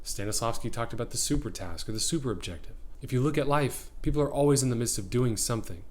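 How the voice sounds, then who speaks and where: An acting coach, a man, talks straight to his viewers in an energetic, emphatic way. His voice sits at an ordinary middle pitch, and he leans on key words as he teaches. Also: fast. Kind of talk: direct-to-camera teaching.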